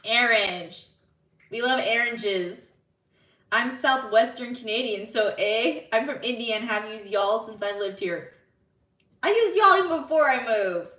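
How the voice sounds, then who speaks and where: Woman streamer, bright higher voice, giggly and chatty, roomy sound a bit off-mic. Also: animated, moderate pace, distant mic. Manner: bubbly, giggly, reads chat messages aloud. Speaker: live streamer. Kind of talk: casual live-stream chat reading.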